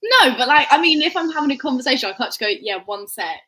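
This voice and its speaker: Young woman, twenties, podcast guest, giggly, lively pitch, bright. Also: very fast. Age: 20s. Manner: giggly, animated, apologetic. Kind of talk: casual podcast chat.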